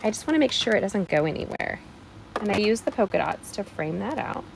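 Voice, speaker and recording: A woman's voice: medium pitch, big pitch swings, fairly quick, vocal fry, a little hiss or hum, rough recording. A woman hosting a live card-making stream, chatting in a bubbly way straight to her viewers as she demonstrates. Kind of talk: casual live craft demonstration.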